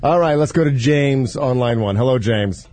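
A man's voice: medium pitch, moderate pace, darkish tone, no echo. A man hosting a call-in radio show, joking sarcastically and swearing in casual banter. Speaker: radio show host taking calls.

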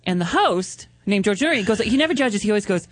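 A man co-hosting a casual chat, telling stories in an animated way and laughing often. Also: high voice, fast, no echo. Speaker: co-host.

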